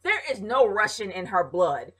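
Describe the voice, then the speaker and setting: A woman's voice: mid-range voice, very animated, normal speed, a bit bright, breathy edge. A woman casually reviewing a wrestling show, ranting with exasperation and calling her viewers "y'all". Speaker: wrestling vlogger.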